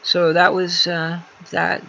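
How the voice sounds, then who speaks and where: A woman's voice: on the low side, completely flat delivery, slow, gravelly, pushed and bright, a little hiss or hum. A woman hosting a casual livestream from a room at home, rambling along with many fillers and restarts. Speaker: livestream host. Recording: slightly dull lo-fi home stream audio.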